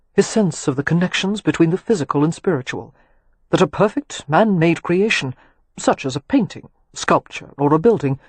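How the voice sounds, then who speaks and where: Husky narrator reading a romance novel, steady pace, dry close mic. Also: medium pitch, no room sound. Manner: measured, even storytelling. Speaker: audiobook narrator. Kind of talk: scripted narration.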